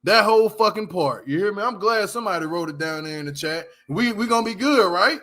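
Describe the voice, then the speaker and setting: A man's voice: high voice, animated, brisk, pushed and bright. A man hosting a casual commentary show, ranting bluntly and with a lot of swearing while speaking straight to his viewers. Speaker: commentary channel host.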